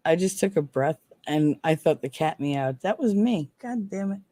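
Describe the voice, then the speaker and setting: A woman's voice: sits low, lively intonation, measured pace, warm tone. A middle-aged woman in casual livestream chat, blunt and profane, laughing often.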